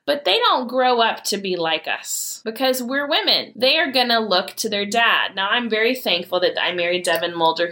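A woman, telling heartfelt family stories in an earnest, animated way as a mother. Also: lowish voice. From Michigan, USA. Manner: earnest, heartfelt, animated retelling with quoted dialogue. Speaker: mother sharing a personal story. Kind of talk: personal storytelling talk.

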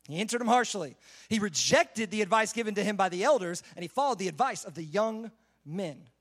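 A young man preaching a sermon in a casual, conversational way, often saying "like" as he retells a Bible story. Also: sits high. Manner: conversational, says "like" a lot.

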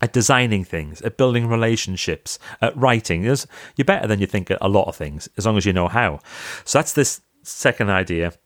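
A man telling lively, self-mocking stories in a casual chat over a video call from his office library. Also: lowish voice, fairly quick, hardly any pauses, dry recording, studio quality. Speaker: podcast guest, author.

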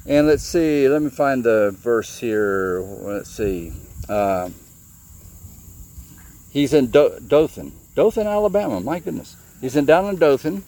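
A man's voice: mid-range voice, lively intonation, takes it slowly, dark tone. A man giving a conversational sermon, retelling scripture in plain everyday words and acting out the quoted dialogue. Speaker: preacher.

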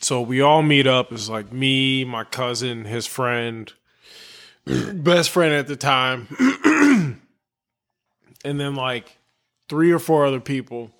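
A man from Chicago co-hosting a podcast, telling a long story in a rambling, profane way and clearing his throat often. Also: mid-range voice, lively intonation, slow, fairly bright tone. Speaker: podcast co-host. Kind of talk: casual storytelling chat.

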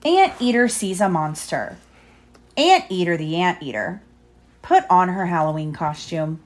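A mother reading a picture book aloud to her child, pausing to explain pages and ask questions. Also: lowish voice, expressive. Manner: stops to explain and quiz the child.

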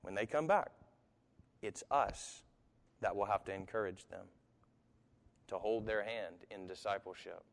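A man's voice: fairly low pitch, a little slow, gravelly, pauses often. A man preaching a live sermon to an audience, talking conversationally with sudden emphatic rises and occasional chuckles. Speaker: pastor. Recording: long hall reverb.

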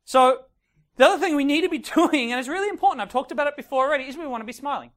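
Animated man coaching a crowd. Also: very high voice, very fast. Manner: animated, acts out scenes, frequent checks like "right?" and "okay?". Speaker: dating coach. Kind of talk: live seminar talk to an audience.

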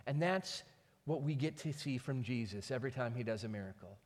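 A man preaching a sermon, retelling a story with animated, dramatic delivery. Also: medium pitch, fairly quick, long reverb tail. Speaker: pastor.

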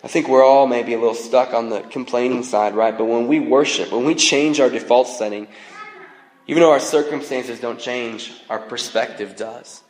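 A man in his thirties preaching a sermon in a relaxed, conversational way, joking and using frequent fillers. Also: mid-range voice, normal speed. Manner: conversational, self-deprecating humor, frequent fillers. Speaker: pastor. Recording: long reverb of a large hall.

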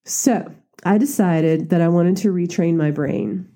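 A woman, a coach telling a story in a chatty, animated way, jumping into high squeals when she acts herself out. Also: a little slow. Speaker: coach and mentor. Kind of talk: casual motivational talk.

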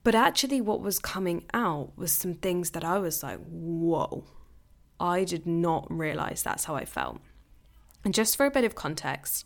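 Chatty, candid woman podcaster, laughing often. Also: lowish voice. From England. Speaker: podcast host. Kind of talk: casual personal podcast monologue.

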